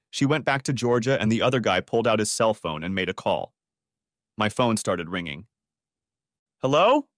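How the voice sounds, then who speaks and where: Expressive male audiobook narrator. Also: fairly low pitch, no echo, clean studio sound. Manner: expressive, dramatic. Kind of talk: first-person story audiobook narration.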